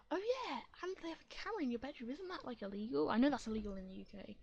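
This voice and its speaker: A woman reads online stories aloud and chats about them in a giggly, expressive way. Her voice is high and animated and swoops up and down as she comments. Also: fairly quick, creaky, slight background noise, low-quality recording. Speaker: story reader.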